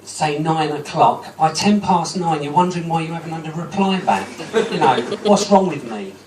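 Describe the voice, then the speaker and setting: A man's voice: a little high, moderate pace. A man doing a stand-up routine in a small comedy club, rambling and self-deprecating with plenty of ums. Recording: roomy, distant, noisy club recording.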